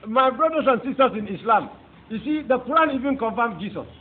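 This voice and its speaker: The recording is thin and phone-like, with a little noise, as a male preacher with a Nigerian accent gives a testimony sermon. Very high-pitched, expressive, and brisk, he grows fervent and emphatic, rising into exclamations.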